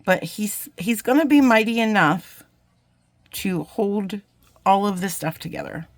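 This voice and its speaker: A woman's voice: medium pitch, lively intonation, unhurried, no echo. A woman chatting casually while demonstrating a jewelry craft, rambling and getting sidetracked in a friendly way. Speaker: jewelry-making YouTuber. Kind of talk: casual crafting tutorial chat.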